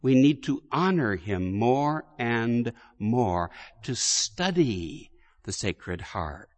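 A man, a Catholic priest, giving a sermon with deliberate preaching, swelling on strong words and dropping low and quiet at line ends. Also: big pitch swings. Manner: slow, deliberate preaching with emphatic rises and quiet drops.

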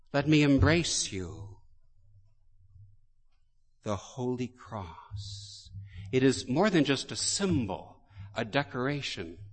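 A man, a priest, delivering a sermon slowly and deliberately in a large church. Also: medium pitch. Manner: slow, deliberate storytelling. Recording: long hall reverb.

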